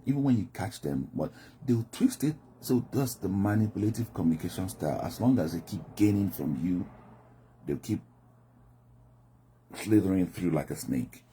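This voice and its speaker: A man's voice: deep voice, expressive, moderate pace, dark tone, slight background noise. A man from Nigeria giving a reflective monologue about communication styles, often acting out quoted voices. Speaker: commentator.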